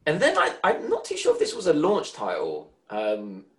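A British man chatting casually as a podcast co-host. His pitch rises and falls a lot, and he rambles, stumbling and restarting his sentences as he goes. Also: huge pitch swings, normal speed, poor audio. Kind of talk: casual gaming chat.

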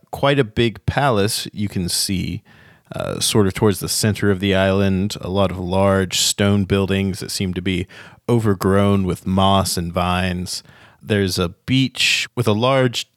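A man narrating as game master of a tabletop game, unhurried and descriptive. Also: deep voice, no room sound, studio quality.

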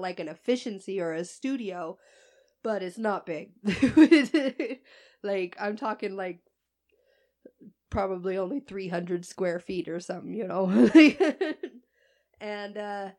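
Slow, swearing woman telling a story. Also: medium pitch, a little mellow. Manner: swears freely, laughs through her story. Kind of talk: casual chat.

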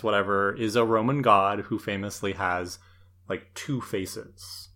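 A podcast co-host recapping an episode in casual chat, adding relaxed analytical asides with light laughter. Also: low voice, unhurried.

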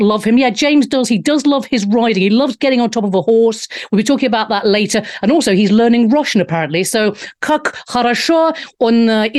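A woman's voice: a little high, a little mellow. A middle-aged woman hosting a live show, cheekily reading out chat comments. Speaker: show host. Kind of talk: casual live-stream chat.

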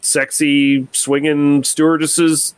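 A man's voice: fairly high pitch, little pitch movement, slow, clear, resonant tone, no room sound. Laid-back rambling man, dry sound. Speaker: podcast co-host reviewing a film. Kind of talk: casual chat.

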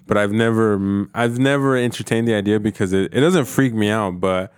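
A low-pitched man swaps stories in loose, profane talk, full of fillers and restarts. The sound is dry and close, with no room around it. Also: brisk, smooth, no room sound. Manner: profane, rambling storyteller. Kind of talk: casual chat.

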